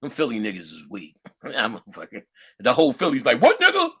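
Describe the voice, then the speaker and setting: Husky-voiced man telling a loose, profane story. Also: fairly low pitch, very animated, fairly quick. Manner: profane, loose street slang, acts out quoted voices. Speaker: lecturer. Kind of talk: casual anecdotal storytelling.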